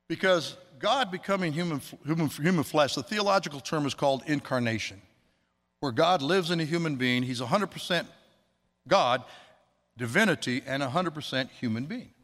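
Man, preacher, earnest sermon, slightly high voice, long hall reverb. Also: a bit bright. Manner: earnest, drawn-out emphasis, quoting scripture.

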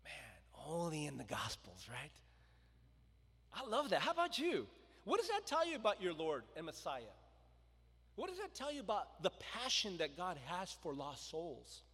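A man preaching a sermon, telling the story with lively voices for the crowd and stopping to ask his listeners questions. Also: fairly high pitch, moderate pace, husky. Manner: animated storytelling, acting out the crowd and quotes. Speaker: pastor. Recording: long reverb of a large hall.

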